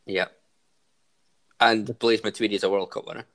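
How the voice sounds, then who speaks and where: A man's voice: fairly low pitch, level tone, moderate pace, fairly bright tone. A man hosting a casual podcast chat, running a quiz in an upbeat way. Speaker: podcast host.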